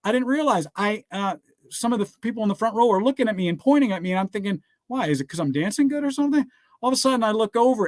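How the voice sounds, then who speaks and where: A man with a fairly high voice delivers a motivational business talk mixed with scripture in an emphatic, preacher-like way. He keeps asking rhetorical questions and telling listeners to write things down, and his voice sounds close and dry, with no room echo. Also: fairly bright tone. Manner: repeats rhetorical "guess what?" and "all right?". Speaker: motivational speaker.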